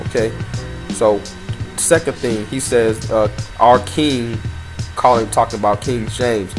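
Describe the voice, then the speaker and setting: A man's voice: mid-range voice, fairly even intonation, slow pace. A man reading a document aloud and commenting emphatically, with rhetorical questions. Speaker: commentary host. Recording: over loud background music.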